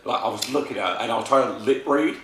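A man chatting at home, telling quick anecdotes between laughs. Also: medium pitch, a bit bright, distant mic. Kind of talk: casual chat. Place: living room of a home. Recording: roomy home recording with faint hiss.

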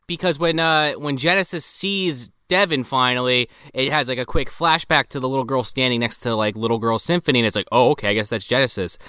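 Co-host: young man, bright crisp voice, lively, explains plot with crude humor. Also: mid-range voice, fairly quick, few pauses, dry recording, clean studio sound. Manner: explanatory, crude jokes, laughing asides. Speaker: podcast co-host. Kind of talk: casual movie-recap banter.

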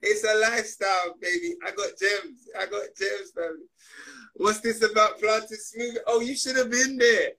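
Male guest, slightly raised pitch, joking and slangy, laughs a lot. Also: steady tone, moderate pace, sharp tone, rough recording. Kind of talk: playful casual interview chat.

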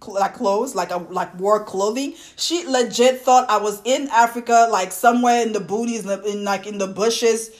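A woman's voice: mid-range voice, moderate pace, hardly any pauses. Host, young woman, Ivorian French accent, exasperated rant, casual talk with fillers. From Côte d'Ivoire. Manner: exasperated, ranting with frequent fillers and restarts. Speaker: podcast host. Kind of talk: casual monologue to listeners.

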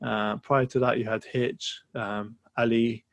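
A man's voice: medium pitch, flat delivery, unhurried, gravelly, no room sound. A man co-hosting a podcast in casual chat, rambling with fillers and restarts. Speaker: podcast co-host.

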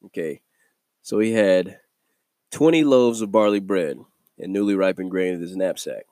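A man hosting a daily devotional video, teaching from the Bible in a relaxed, conversational way and chuckling between thoughts. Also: low voice, normal speed, no echo, studio quality.

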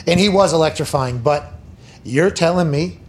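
On a sports podcast, the host, a man whose voice sits on the high side, talks at a moderate pace. It's casual sports chat full of crude, comic stories and jokes, delivered animatedly as he builds up comic rants.

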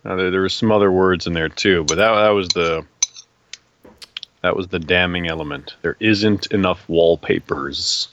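Low-pitched guy ribbing his cohost on a podcast, chewing while he talks, dull lo-fi call sound. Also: moderate pace, pauses often, fairly bright tone, slight background noise. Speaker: podcast co-host. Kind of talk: casual podcast banter. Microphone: remote call mic.

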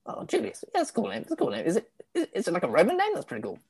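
A tiny, anxious chihuahua boy from a tabletop game, his voice shooting up into a high, thin squeak. He stammers and repeats himself, rambling on as if he can't stop talking. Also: wildly swooping pitch, very fast, vocal fry, a little mellow, breathy edge, exaggerated voice. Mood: nervous chatter. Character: jittery anxious young male chihuahua schoolkid.

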